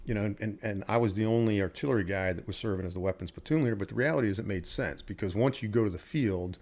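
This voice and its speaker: A man's voice: on the low side, fast, darkish tone. A middle-aged man from the United States, a retired Army officer and podcast guest. He tells stories casually and bluntly, with swearing and quoted dialogue. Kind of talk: casual interview storytelling.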